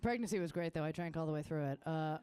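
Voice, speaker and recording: A woman's voice: very fast, clear, resonant tone. A woman performing a stand-up comedy set on a festival stage, telling profane stories in a brash manner. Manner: jumps to a much higher, excited voice for quoted lines.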